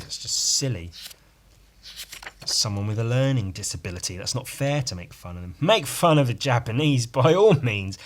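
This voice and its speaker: With a mid-range, somewhat bright voice, this solo podcast host drifts through casual commentary. His tone is sardonic, heavy on swearing, and punctuated by jokes at his own expense.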